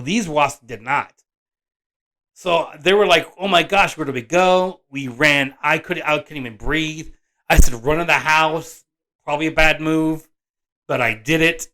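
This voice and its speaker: A man, a father and vlog host, telling a personal story in an animated, rambling way, often restarting and correcting himself. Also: on the high side. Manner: excitable, rambling, frequent restarts and self-corrections.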